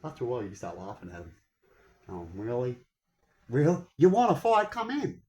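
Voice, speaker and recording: A man's voice: mid-range voice, huge pitch swings, moderate pace, a little mellow, poor audio. A young man ranting heatedly to his viewers in a casual vlog, swearing often. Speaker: vlogger.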